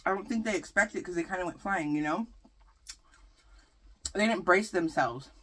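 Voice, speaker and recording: A woman vlogger chatting through a storytime while eating, animated and full of fillers. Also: fairly low pitch, normal speed, slightly rough. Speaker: mukbang vlogger.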